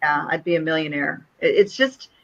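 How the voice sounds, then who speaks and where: Bright-voiced woman counselor, earnest. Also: sits low, lively intonation, moderate pace, creaky. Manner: earnest and reassuring, explaining step by step. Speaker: grief counselor guest. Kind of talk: interview answers. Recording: dull lo-fi sound.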